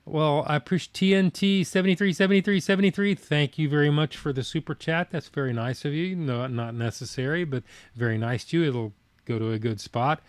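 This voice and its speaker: A man's voice: fairly high pitch, a little fast, smooth, dry recording. Man, folksy live-stream host, casual rambling talk, dry close mic. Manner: plainspoken, folksy, rambling with fillers. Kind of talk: casual live-stream chat reading comments.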